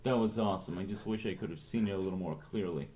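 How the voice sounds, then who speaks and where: A man's voice: sits low, fast talker, dark tone, a little hiss or hum. A man chatting casually on a late-night livestream, rambling and reading aloud to his viewers. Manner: rambling, reads aloud with laughs.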